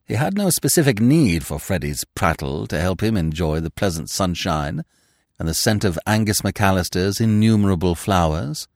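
A man narrating a classic comic novel in a measured, wry manner. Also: sits low, lively intonation, no room sound, studio quality. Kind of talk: storybook narration.

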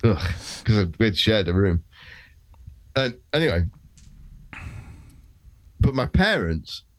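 A comedian guest with a low voice talks on a casual podcast. He stops and restarts his sentences, with a wry, offhand humor. The sound is dry and close. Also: dry recording, low-quality recording.

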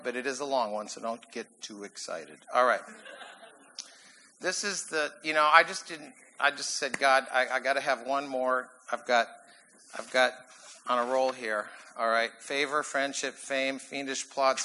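A man preaching a sermon in an animated, emphatic way, often laughing as he goes. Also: medium pitch, normal speed, slight background noise, low-quality recording. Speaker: pastor.

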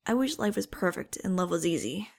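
A woman's voice: on the low side, expressive, brisk, gravelly, darkish tone. A woman voicing a fond, wistful talking male dog who speaks in an earnest, sighing way.

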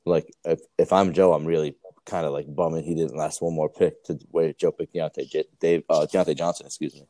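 Deep-voiced rambling male podcast host. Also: flat delivery, fairly quick, few pauses, dark tone. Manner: rambling, many restarts and fillers. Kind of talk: casual podcast chat.

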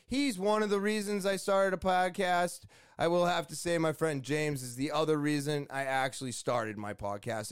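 A man's voice: a little high, smooth, no room sound, clean studio sound. A man hosting a podcast, talking in a rambling, blunt way with swearing and lots of fillers. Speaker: podcast host. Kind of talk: casual podcast rant.

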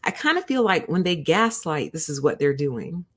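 Chatty low-voiced woman hosting a stream. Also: sing-song, moderate pace, slightly rough. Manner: chatty, talks straight to viewers. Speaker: host of a book review show. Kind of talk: casual livestream commentary.

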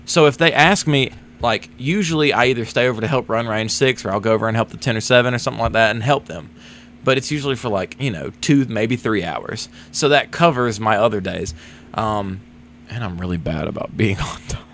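Telling a work story while co-hosting a podcast, this young man swears casually and acts out other people's quotes with lively energy. His voice is on the low side and a little fast, with a slight hiss or hum in the recording.

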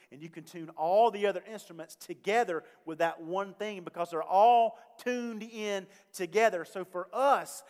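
A male pastor preaching a sermon, swinging between loud emphasis and quiet asides. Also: a little high. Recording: long hall reverb.

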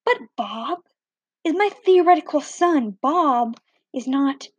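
Chatty high-voiced teen girl. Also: takes it slowly, no echo. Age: teens. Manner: chatty, animated, acts out dialogue with voices. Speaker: storyteller. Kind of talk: casual storytelling.

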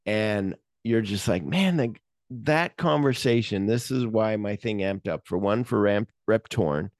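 A man co-hosting a casual movie podcast, retelling scenes in an animated way and acting out lines from the film. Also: lowish voice, unhurried, no echo, studio quality. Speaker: podcast co-host.

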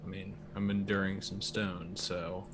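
A tabletop player calmly explaining how to make a dice roll. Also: sits low, measured pace, background noise. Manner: calm, helpful explaining. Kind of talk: casual tabletop play.

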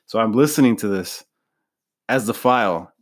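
Man, podcast host, low voice, casual chat, animated retelling. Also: normal speed. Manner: animated retelling, acts out quotes.

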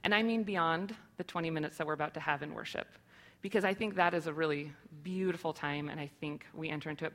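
A woman in her thirties giving a sermon to her church, earnest and conversational, with many rhetorical questions. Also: low voice. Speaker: church speaker.

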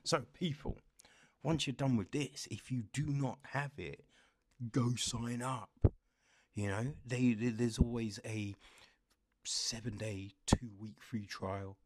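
A man hosting a film talk and interview, rambling and animated, with lots of restarts, recorded over a video call. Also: mid-range voice, slow, background noise. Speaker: podcast host and interviewer. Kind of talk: casual chat. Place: London.

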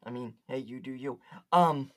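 Giggly co-host, mid pitch, filler-heavy reads. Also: normal speed, a bit bright. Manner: giggly, reads chat logs aloud with filler words. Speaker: podcast co-host. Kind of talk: casual podcast chat.

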